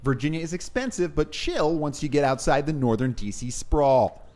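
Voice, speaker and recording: A man's voice: a little high, lively intonation, moderate pace, a little mellow. A man co-hosting a casual livestream, reading out viewer messages and chiming in with quips. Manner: reads viewer messages aloud, chimes in with quips. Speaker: stream co-host reading chat.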